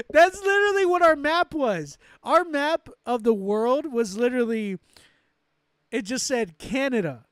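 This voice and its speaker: A man from Texas with a Texan accent, hosting a casual chat and telling animated, self-mocking stories. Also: very high-pitched, clear, resonant tone, no echo. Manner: animated storytelling, loud excited outbursts, self-mocking laughs. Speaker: host. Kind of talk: casual chat with live chat readers.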